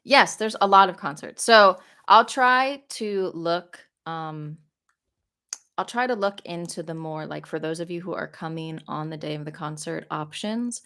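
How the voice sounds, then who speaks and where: A woman's voice: on the low side, unhurried, sharp tone, clear, resonant tone. Effusive young woman chatting on a livestream. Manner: effusive, gushing thanks, rambling. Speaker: vlogger hosting a live Q&A. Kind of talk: casual livestream chat. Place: home, living in South Korea.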